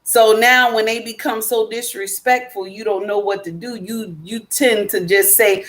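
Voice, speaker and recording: A fairly high, fairly bright female voice comes through with a steady tone and a measured pace. She's hosting a casual livestream, reading chat aloud, lecturing emphatically, restating her points, and calling her audience baby and my dear.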